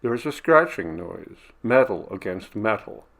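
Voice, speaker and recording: A man narrates a ghost story at an unhurried, drawn-out pace. His voice has a gravelly, creaky edge, and his delivery is tense and dramatic, sinking into near-whispered quiet at the scariest moments. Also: lowish voice, sing-song. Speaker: audiobook reader.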